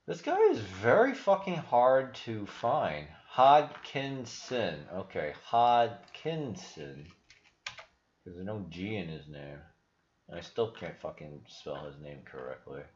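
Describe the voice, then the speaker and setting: A man's voice: low-pitched, very animated, measured pace, a little mellow, slight background noise. A man hosting a casual livestream with rambling, profane talk full of restarts. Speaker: crypto channel host. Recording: roomy, slightly dull sound.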